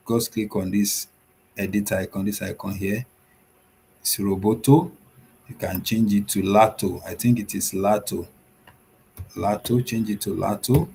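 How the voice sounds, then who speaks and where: Low-voiced man giving a screen tutorial. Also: gravelly, mellow, a little hiss or hum. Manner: step-by-step, repeats himself, many fillers. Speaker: web design instructor. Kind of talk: screen-share tutorial walkthrough.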